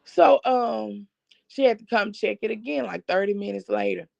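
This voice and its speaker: A middle-aged woman with a creaky, darkish, medium-pitched voice hosts a family channel, chatting with viewers at a moderate pace. She retells a long story full of what others told her, with lots of "I said, he said." The dry, dull lo-fi audio comes from a streaming setup with no echo.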